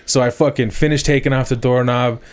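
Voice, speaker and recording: A man, a podcast co-host in his thirties, telling a story in casual chat, swearing a lot and getting loud as it builds. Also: medium pitch, fairly quick. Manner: animated storyteller, swears often, rising to shouts.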